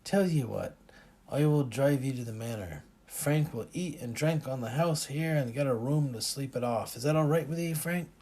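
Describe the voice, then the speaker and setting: A man voicing a jovial bar bouncer in an audiobook, talking heartily and loud. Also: mid-range voice, normal speed, pitched above the performer's own voice, lightly acted. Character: Scottish male bar bouncer, older, jovial.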